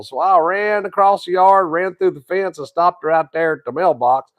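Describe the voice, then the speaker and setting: A man's voice: high voice, normal speed, hardly any pauses, dry recording, dull audio. A man in his sixties with a drawl, telling a rambling tall tale and chatting casually as co-host. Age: 60s. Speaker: co-host, grandfather. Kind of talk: folksy storytelling and casual wrestling chat.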